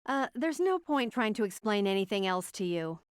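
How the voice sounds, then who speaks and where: A woman's voice: mid-range voice, very animated, normal speed, clean tone, dry recording, studio quality, lightly acted. A woman playing a condescending female scientist. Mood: smug. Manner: condescending, sarcastic. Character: arrogant, sharp-tongued female scientist.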